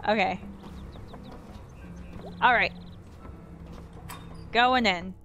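A woman's voice: medium pitch, extremely slow, fairly bright tone, lo-fi sound, soft background music. A young woman hosting a game playthrough, chatting playfully as she reads out the dialogue. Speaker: gaming host. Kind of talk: game commentary and reading dialogue.

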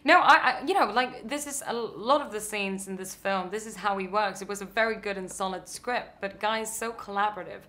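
A woman's voice: medium pitch, fairly quick, hardly any pauses, fairly bright tone. A woman actress talking about her film role, hesitant and often restarting her sentences. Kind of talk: press junket interview.

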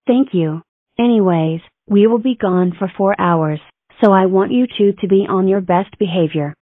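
A woman's voice: mid-range voice, normal speed, dry recording, phone-quality sound, natural voice. A female computer voice playing a cartoon mother who scolds and lectures.

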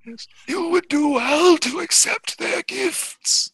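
A man voicing an eerie tempter who urges others to take dark gifts, in a sly, drawn-out sing-song. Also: very high voice, gravelly, no echo, voice pushed up, heavily acted. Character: eerie high-voiced tempter urging gifts.

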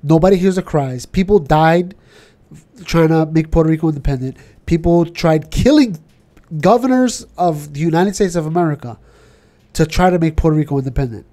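A man with a New York accent, co-hosting a podcast in casual chat and ranting with animated questions. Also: on the high side, normal speed. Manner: animated, ranting, keeps asking "you know what I'm saying". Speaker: podcast co-host.

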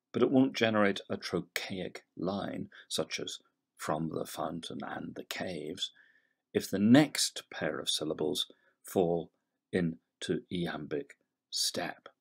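A middle-aged man, a literature professor giving a recorded poetry lecture in a measured, analytical way, trailing off softly at the ends of phrases. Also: low voice, vocal fry, slightly rough. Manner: scans verse syllable by syllable.

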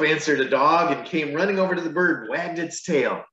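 A man, a pastor, reading a picture book aloud to children, with gentle, chatty asides between pages. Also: fairly high pitch, brisk. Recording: echoey room, dull lo-fi sound.

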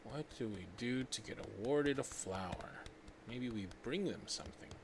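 A man's voice: medium pitch, expressive, normal speed. A man streaming a game, with playful casual commentary, chatting to viewers and muttering asides to himself. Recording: noisy stream recording.

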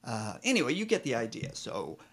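A man's voice: mid-range voice, huge pitch swings, fairly quick. A man teaching a children's music lesson, playful and rambling, singing short phrases and often correcting himself. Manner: drums on a table.

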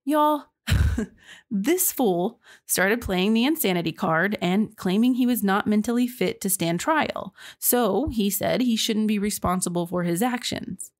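A woman, hosting a true crime podcast in a chatty, expressive, casual way. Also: medium pitch. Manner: chatty and expressive, addresses listeners as y'all.

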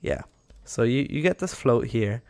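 A man's voice: mid-range voice, expressive, unhurried, darkish tone, no echo. A young man giving casual, rambling commentary over a game, talking to the animals on screen and getting exasperated with them. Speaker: gaming YouTuber.

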